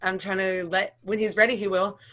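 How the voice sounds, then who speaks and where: A woman in her thirties giving an emotional personal account as an interviewee, talking in halting, run-on sentences full of restarts. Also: medium pitch, level tone, a bit bright. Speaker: interviewee, mother sharing her story.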